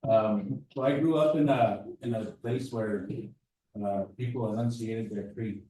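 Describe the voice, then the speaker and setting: A man's voice: on the low side, dark tone. A man speaking from across an echoey room. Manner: measured, adds remarks to the lesson. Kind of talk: classroom explanation. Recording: very echoey room, far from the mic.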